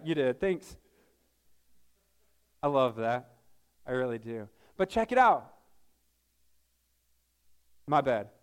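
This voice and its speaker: A male pastor preaching a sermon in a casual, joking way, often restarting his sentences. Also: mid-range voice.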